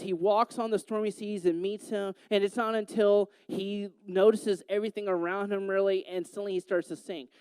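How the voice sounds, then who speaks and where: A male pastor delivers an animated sermon, firing off rhetorical questions and slipping into quoted voices. His voice sits high and comes across smooth and resonant, recorded dry and close. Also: dry recording.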